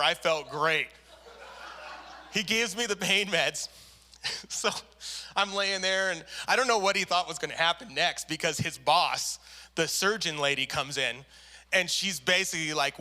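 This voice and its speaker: A male pastor tells a personal story in a sermon, animated and expressive. His voice sits high for a man and sounds very bright and forward. He slips into quoted voices as he goes. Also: unhurried. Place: church service.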